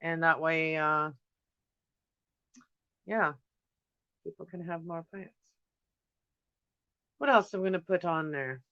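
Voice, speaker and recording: A man with a fairly high, bright and smooth voice talks loosely while painting, wandering from one thought to the next. The sound is dry and close. It has a dull, lo-fi stream quality. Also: slow pace, pauses often, no room sound. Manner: thinks aloud, drifting from topic to topic with fillers. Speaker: livestream host painting on camera. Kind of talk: casual rambling chat while painting. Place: indoors at home.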